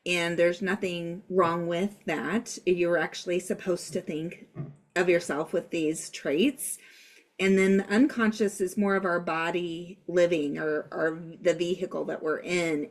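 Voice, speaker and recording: A woman co-hosting a podcast, explaining calmly in casual talk with occasional fillers. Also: on the low side. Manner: calm, explanatory, hesitant fillers. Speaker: podcast co-host.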